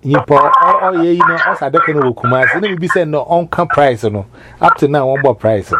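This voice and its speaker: A man's voice: a little high, fairly quick. A man, a minister, preaching informally and rambling as he switches languages mid-sentence. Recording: loud background noise.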